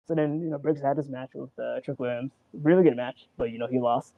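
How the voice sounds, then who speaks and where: A man in casual chat about wrestling, rambling and excitable, acting out quotes and swearing. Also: fairly high pitch, fast talker, few pauses, no room sound, muffled recording. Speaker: wrestling show co-host.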